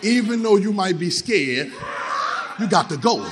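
A high-voiced man preaches to a congregation, dropping into low, rapid asides and then shouting lines to be repeated back. His voice carries a long reverb from a large hall. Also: lively intonation, noisy background. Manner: call-and-response, repeats phrases, shifts from low talk to shouting. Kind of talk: sermon.

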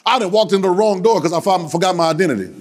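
A man preaching a sermon, joking and trading call-and-response lines with the congregation, at times shouting or half-singing his phrases. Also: high-pitched, racing. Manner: breaks into shouts and sung phrases.

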